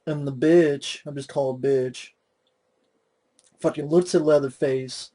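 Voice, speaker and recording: Exasperated, slow-talking young man ranting. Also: fairly high pitch, steady tone, mellow. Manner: exasperated, swearing, mocking. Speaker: movie reviewer. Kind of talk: profane movie rant.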